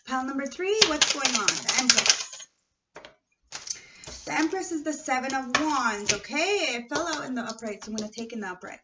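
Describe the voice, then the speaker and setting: High-voiced woman doing a tarot reading. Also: animated, normal speed. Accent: non-native English accent. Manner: chatty, often checks in with "okay?". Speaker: tarot reader. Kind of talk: casual tarot card reading. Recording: distant, dull, noisy home recording.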